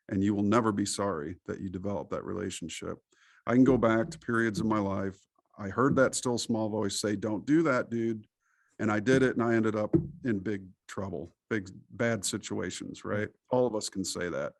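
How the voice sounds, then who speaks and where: A middle-aged man from the United States, a podcast interview guest, talking in an animated, preachy storytelling way. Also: on the low side, gravelly, no echo, clean studio sound.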